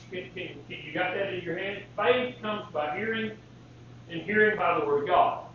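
High-voiced male preacher in an echoey hall. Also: a bit bright, slight background noise. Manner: poses rhetorical questions to the congregation. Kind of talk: sermon. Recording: very echoey hall, distant mic, dull lo-fi sound.

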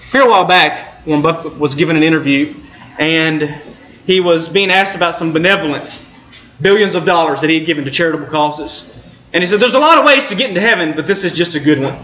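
A man preaching a sermon in an earnest, measured way, slowing down for emphasis. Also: on the high side, fairly bright tone, roomy sound, lo-fi sound.

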